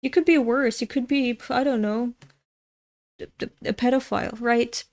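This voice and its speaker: A slightly high, steady-toned and somewhat mellow voice at normal speed belongs to a European woman hosting a manga reading channel. She chats casually while reading along, goes off on tangents, curses freely and talks to her viewers.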